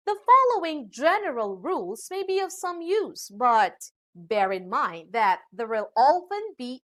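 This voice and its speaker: A woman with a Filipino accent teaching an English lesson, saying example words slowly and clearly. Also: a little high, a bit bright.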